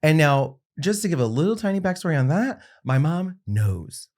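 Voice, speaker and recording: Animated man telling a personal story. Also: fairly high pitch, moderate pace. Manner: animated storyteller acting out quotes. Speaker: podcast guest. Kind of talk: storytelling in a casual conversation.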